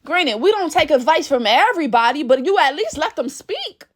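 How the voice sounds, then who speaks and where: A woman's voice: high voice, sing-song, normal speed. Woman vlogger, exasperated and cussing freely. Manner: blunt, profane, exasperated. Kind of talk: casual rant to camera.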